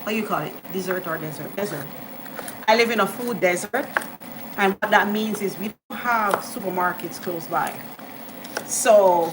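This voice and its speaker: A woman hosting a live cooking stream, chatting enthusiastically with viewers as she adds ingredients in her home kitchen. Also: medium pitch. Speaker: cooking channel host. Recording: home kitchen noise with sizzling pan. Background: frying and sizzling food.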